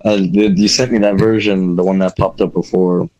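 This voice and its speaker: Male podcast guest, low-ish voice, relaxed and quick to laugh. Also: low-quality recording. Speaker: guest, independent wrestler. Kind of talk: casual podcast chat.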